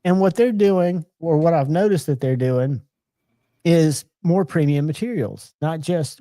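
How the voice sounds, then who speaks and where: A man's voice: a little high, a little slow, warm tone, no room sound. A man, chatting casually and enthusiastically as host of a live knife show.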